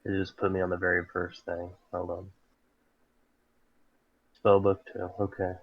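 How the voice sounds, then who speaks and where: Deep-voiced man playing a tabletop game. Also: completely flat delivery, unhurried, muffled recording. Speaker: player.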